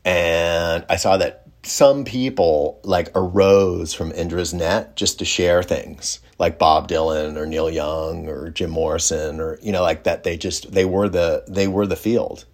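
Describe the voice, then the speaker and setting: Low-voiced man telling a rambling story. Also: fairly even intonation, measured pace, few pauses. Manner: rambling, reflective, with many fillers and restarts. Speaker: storyteller recounting a personal experience. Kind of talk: casual first-person storytelling.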